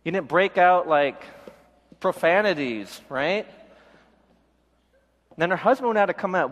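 A man's voice: high-pitched, expressive, unhurried, pauses often, fairly bright tone, in a large hall, dull audio. A middle-aged male pastor giving a sermon with a candid personal testimony, acting out the voices of people he quotes. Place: church.

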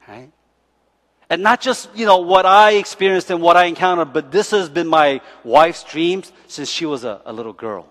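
A man preaching a sermon as pastor, animated and joking, often checking in with the congregation by asking "okay?" and "right?". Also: on the high side, moderate pace. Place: church sanctuary. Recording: long church hall reverb.

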